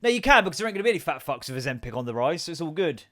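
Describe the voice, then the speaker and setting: A man's voice: fairly high pitch, big pitch swings, rapid-fire, a bit bright, no echo, clean studio sound. A man, hosting a casual podcast and rambling, swearing and mocking himself as he talks. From England. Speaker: podcast host. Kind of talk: casual solo podcast rant.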